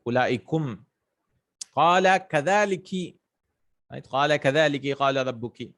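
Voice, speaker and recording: Man teaching Arabic grammar, checking in often. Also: mid-range voice. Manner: reads Quranic verses in Arabic, explains in English, checks with "right?" and "hmm?"; many fillers and self-corrections. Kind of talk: explanatory lesson.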